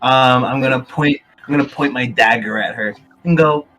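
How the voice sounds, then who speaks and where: A man's voice: mid-range voice, normal speed, sharp tone. A man playing a tabletop game, joking and playful. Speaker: player. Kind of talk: casual game chat.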